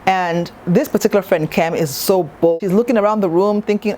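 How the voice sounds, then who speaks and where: A woman's voice: medium pitch, lively intonation, fairly quick, hardly any pauses, a little mellow, slight background noise. Chatty woman reviewing a TV show. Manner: chatty and playful, with asides to the viewer. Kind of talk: casual review vlog.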